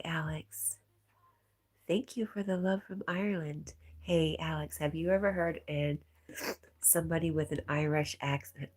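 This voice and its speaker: A woman hosting a livestream, reading out viewer comments in a casual, soft, often half-whispered way, with a stuffy nose. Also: low-pitched, slightly rough. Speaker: livestream host.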